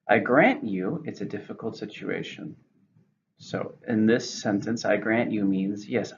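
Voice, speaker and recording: Brief: male English teacher, deep gravelly voice, careful slow delivery, lo-fi recording with faint hiss. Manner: slow, careful enunciation of words. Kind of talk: vocabulary lesson. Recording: lo-fi with faint noise.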